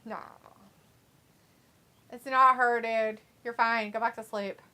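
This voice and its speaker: Young female stream host; bright, slightly high voice, giggly and playful. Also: fairly even intonation, slow pace, clean tone. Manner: giggly, playful, sing-song outbursts. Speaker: watch-along stream host. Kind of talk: casual live-stream chat, reading out chat messages.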